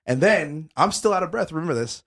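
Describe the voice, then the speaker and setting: Telling a story on his podcast, this young man is breathless, animated, and liberal with the swear words, all in a laid-back chat. His voice leans high and moves a little fast.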